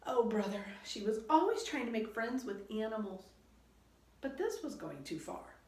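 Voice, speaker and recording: A woman reading a children's storybook aloud in a slow, expressive storytelling manner. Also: fairly high pitch. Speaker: children's book reader. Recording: roomy echo.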